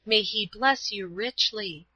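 A woman voicing a frail, dying old woman who speaks weakly and slowly with gratitude. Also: mid-range voice, pushed and bright, husky, dry recording, heavily acted, rough recording.

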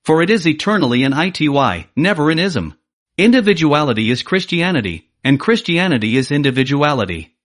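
A man giving a measured, emphatic scripted reading of a religious treatise. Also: fairly high pitch, big pitch swings, a bit bright. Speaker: reader.

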